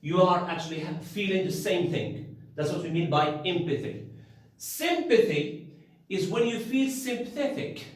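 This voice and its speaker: A man teaching an English lesson, explaining phrases slowly and repeating them with emphatic high-pitched model readings. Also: lively intonation. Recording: very echoey room, voice from a distance.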